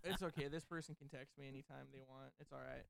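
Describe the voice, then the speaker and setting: A man's voice: mid-range voice, steady tone, fast talker, gravelly, no echo. A man co-hosting a podcast, rambling through crude casual banter full of swearing and laughter. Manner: profane, rambling, laughs often. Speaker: podcast co-host.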